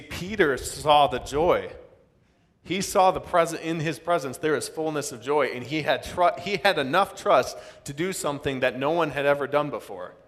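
A male pastor giving a sermon, dropping low for emphasis and breaking into loud, dramatic quoted voices. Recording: long reverb of a large hall.

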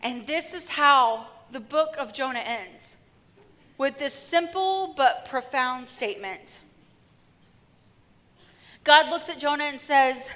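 A woman preacher delivering a sermon with lively, humorous storytelling. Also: high voice, slow, pauses often, long reverb tail.

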